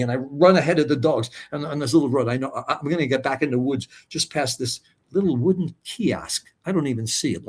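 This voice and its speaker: An older American man, a guest, vividly retelling his escape in a profane, animated way with a husky voice. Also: mid-range voice. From United States. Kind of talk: storytelling interview.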